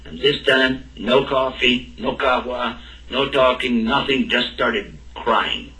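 Bright-voiced man telling a story, roomy sound. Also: medium pitch, normal speed. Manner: animated, acts out both sides of the dialogue. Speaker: speaker telling a personal story. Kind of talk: anecdotal storytelling talk. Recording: roomy and distant from the mic.

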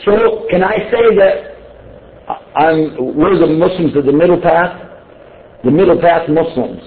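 A man's voice: on the high side, unhurried. A man giving an informal sermon, joking and putting questions to his listeners. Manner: conversational and joking, asks the audience questions. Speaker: Muslim preacher. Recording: tinny phone-like sound with faint noise.

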